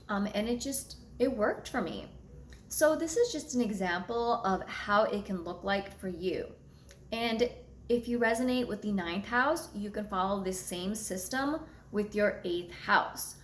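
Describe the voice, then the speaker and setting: A woman's voice: mid-range voice, a little hiss or hum. A woman speaks in an ordinary mid-range voice, candid and conversational as she addresses her audience. She is blunt and swears without hesitation. Her voice bounces around a roomy, echoey space. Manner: frank and blunt, swears freely. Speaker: astrology content creator. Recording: echoey room.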